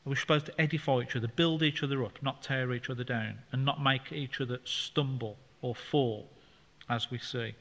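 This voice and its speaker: A man's voice: medium pitch, fairly even intonation, normal speed, a bit bright. A man leading a Bible study, explaining scripture in a conversational way with fillers. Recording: long hall reverb.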